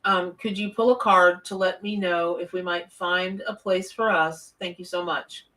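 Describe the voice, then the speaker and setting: A woman's voice: on the low side, fairly even intonation, a little slow, a bit bright, distant mic. A woman, live-streaming a tarot reading from her home office, chatty and effusive as she greets viewers. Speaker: tarot reader on a livestream.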